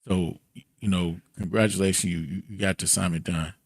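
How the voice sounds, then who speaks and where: A man's voice: low voice, steady tone, fairly quick, husky, no room sound, studio quality. A middle-aged man with a Southern twang, hosting a radio interview in an upbeat, encouraging way. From Mississippi, raised in California. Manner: upbeat, encouraging, repeats words. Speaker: radio host.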